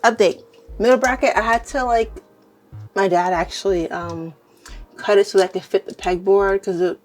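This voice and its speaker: A young woman chatting casually as she shows and rearranges her plants, rambling, correcting herself and getting excited. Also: medium pitch, normal speed, faint music behind. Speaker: plant vlogger. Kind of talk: casual vlog chat while working. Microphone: handheld camera on tripod.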